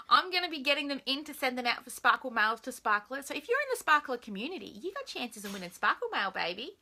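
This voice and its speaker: A woman's voice: high-pitched, big pitch swings, quick pace, hardly any pauses, bright, forceful tone. An Australian woman hosting a live stream, chatting casually and greeting viewers by name in a bubbly way.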